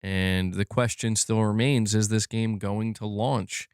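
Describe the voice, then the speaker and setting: Casual low-voiced male livestream host. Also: steady tone, unhurried, darkish tone, clean tone, no room sound, studio quality. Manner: chatty, reads out chat messages.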